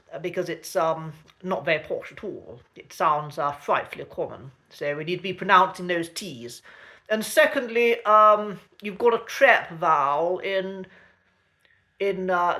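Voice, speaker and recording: A man with a conservative received pronunciation accent, teaching in a chatty, genteel way with frequent ums and careful, slow recitation. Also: sits high, pushed and bright. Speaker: accent coach. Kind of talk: casual online lesson.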